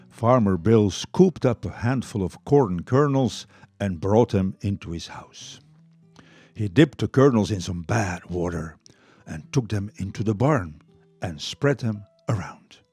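An older man, a native Dutch speaker, reads a children's story aloud in a lively, expressive voice. His pitch rises and falls freely, with a slightly husky tone. Soft guitar music plays faintly behind him. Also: no echo.

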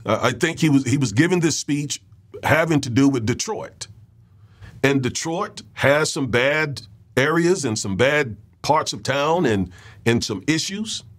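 A political commentary host talks in a loose, conversational monologue, frequently repeating words and checking in with his audience. His voice sits at a medium pitch.

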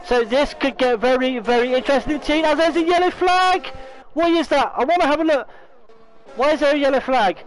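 A man commentating a sim racing league, excitable, correcting himself often, and losing his voice. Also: very high voice, a little hiss or hum, low-quality recording. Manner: excitable, talks fast with restarts and self-corrections. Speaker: race commentator.

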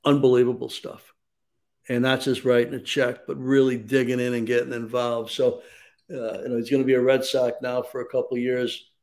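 Older man, measured storytelling. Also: medium pitch, little pitch movement, a little mellow. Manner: measured storyteller, frequent "um" and "you know". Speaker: baseball executive guest. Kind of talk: sports radio interview.

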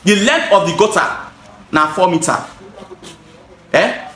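A man's voice: sits high, lively intonation, a little slow, bright, forceful tone, roomy sound. A man with a Nigerian accent, a gutter installer and seller, casually explaining his products to the camera in an emphatic, repetitive way. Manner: emphatic, repeats phrases, switches into pidgin.

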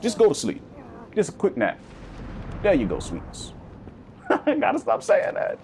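A man giving casual, slangy let's-play commentary, swinging between high yelps and low growls. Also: moderate pace, slight background noise. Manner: animated, slangy, swings into high-pitched bits and deep growls. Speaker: gaming YouTuber.

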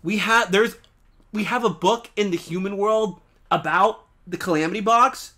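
A young man excitedly reacting to a cartoon episode in slangy, casual commentary, laughing often. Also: sits high, normal speed. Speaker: reaction video host.

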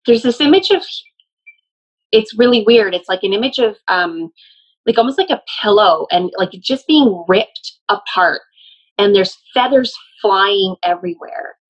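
A woman acting as a medium in a casual session, relaying messages with emphatic, animated delivery. Her voice sits at a middle pitch and comes through slightly dull, lo-fi audio. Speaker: medium channeling a spirit. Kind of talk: casual spoken channeling session.

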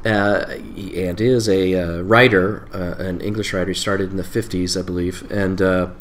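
A man's voice: sits low, steady tone, moderate pace, a little hiss or hum. A man in his forties, a guest on an interview podcast, recounting stories in a rambling, self-correcting way. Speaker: improv director and teacher, podcast guest. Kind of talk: casual conversational interview.

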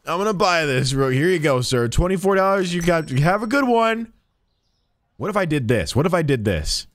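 A man's voice: a little high, big pitch swings, normal speed. A man streaming a game live, talking to the characters as a shopkeeper in a jokey, swearing way. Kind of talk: live gameplay commentary.

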